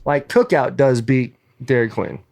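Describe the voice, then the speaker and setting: A man hosting a casual podcast, teasing and loud in animated group banter. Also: mid-range voice, a little slow. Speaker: podcast host.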